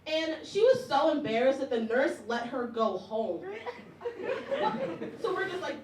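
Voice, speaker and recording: With big pitch swings in a high voice at a measured pace, a young woman works a comedy club crowd, chatty and self-mocking, laughing often between lines. The sound is echoey and distant, mixed with audience noise.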